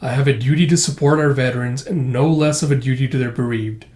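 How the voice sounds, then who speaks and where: Brief: gracious older woman in a comic read-through, read by a man in his plain voice, gentle, formal, solemn. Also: mid-range voice, fast talker, roomy sound, natural voice.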